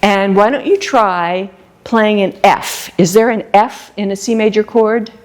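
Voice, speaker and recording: A woman's voice: mid-range voice, measured pace. A woman flute teacher giving a masterclass, explaining phrasing, singing short phrases and asking the class questions. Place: music store event space.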